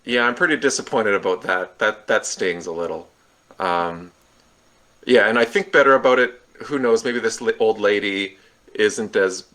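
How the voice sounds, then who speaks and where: A man's voice: on the low side, fairly bright tone. A man playing a tabletop role-playing game, easygoing and self-deprecating as he describes what his character does. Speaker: player. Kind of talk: casual in-character play.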